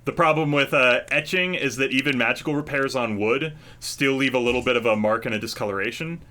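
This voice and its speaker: A man's voice: mid-range voice, a little fast, bright, forceful tone. A man narrating a tabletop game as game master in a casual, hesitant way with many fillers.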